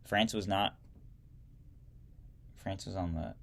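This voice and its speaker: Low-voiced man reading history text aloud, trips on words and fixes them, drops dry side comments. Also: unhurried, slight background noise. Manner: stumbles and corrects himself while reading, adds wry asides.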